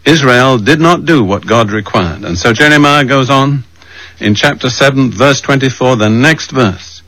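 Man preaching a measured sermon. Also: medium pitch, fairly bright tone, no echo, low-quality recording. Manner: measured, emphatic, slows for quoted verses. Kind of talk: sermon, reading scripture aloud.

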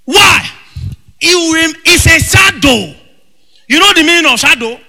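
A man preaching a fervent sermon, shouting in bursts and breaking into tongues. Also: extremely high pitch, lively intonation, unhurried, vocal fry. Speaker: pastor. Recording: long reverb with faint music.

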